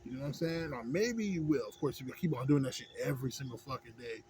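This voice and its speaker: A man's voice: mid-range voice, quick pace, a little mellow, slight background noise. A man, ranting in a vlog, rambling and swearing heavily, asking "you know what I'm saying" again and again. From Houston, Texas. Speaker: vlogger. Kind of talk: profane ranting monologue.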